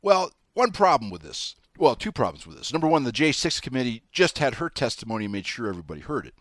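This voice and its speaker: A man's voice: medium pitch, sing-song, fast talker, a bit bright, no room sound, studio quality. A man hosting a political talk radio show, delivering an opinionated, folksy commentary monologue.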